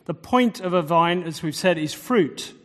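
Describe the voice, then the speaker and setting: A man delivers an expository sermon, his voice sitting a little high for a man. He leans on repetition for emphasis, and a long hall reverb trails each phrase. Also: lively intonation, measured pace, fairly bright tone. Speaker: preacher.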